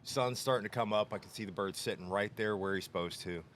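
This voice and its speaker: Animated storytelling man, low voice. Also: fast talker, a little hiss or hum. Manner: animated storyteller, laughs often, acts out quotes. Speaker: podcast co-host. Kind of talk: casual storytelling. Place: workshop podcast room.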